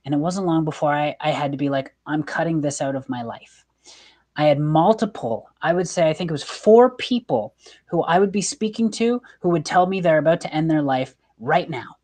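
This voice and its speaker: A woman's voice: on the low side, a little mellow. A woman hosting a talk show, telling a personal story in an earnest, emotional way with many restarts. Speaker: host.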